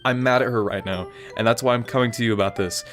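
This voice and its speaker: A man's voice: mid-range voice, quick pace, a bit bright, soft background music, natural voice. A man voicing a worried teenage girl who pleads for help in a letter. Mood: pleading.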